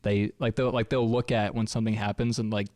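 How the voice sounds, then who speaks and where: A man's voice: lowish voice, flat delivery, brisk, darkish tone, no echo. Young male co-host, dry close sound, loose rambling delivery. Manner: rambling, full of fillers and trailing thoughts. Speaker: podcast co-host. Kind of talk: casual chat.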